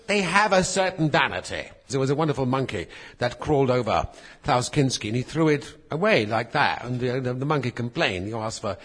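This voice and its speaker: A man's voice: medium pitch, expressive, a little fast, fairly bright tone, breathy edge. A man, an actor, spinning a theatrical, rambling comic story as an improvised tale. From England.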